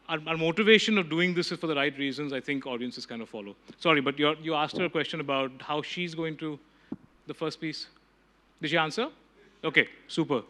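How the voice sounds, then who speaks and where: Bright-voiced, chatty host. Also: male voice, fairly high pitch. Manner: chatty, enthusiastic, rambling. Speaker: interviewer, host. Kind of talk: press event interview.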